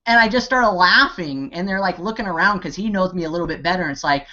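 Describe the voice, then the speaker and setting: Over a dull, lo-fi video call, a network marketing team leader delivers a rambling, impassioned motivational talk on an online hangout, full of "you know"s, fillers, false starts and bursts of energy. His voice is high-pitched, fast, bright and forceful, with few pauses.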